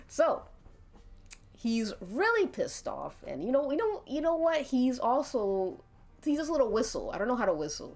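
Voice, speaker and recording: A woman's voice: a little high, sing-song, moderate pace. A woman narrating a tabletop game as game master on a live stream, chatty and laughing often. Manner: giggly, chatty.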